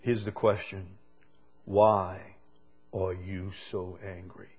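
A man's voice: sits low, level tone, slow, a little mellow, slightly rough. A male preacher giving a sermon, asking the same question again and again and building to emphatic peaks.

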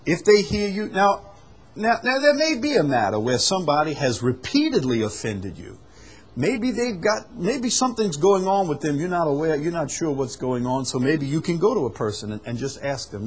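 A man's voice: on the high side, big pitch swings, normal speed, husky. A male pastor preaching a sermon, earnest, repeating words as he explains scripture. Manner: earnest, repeats words, acts out quoted apologies.

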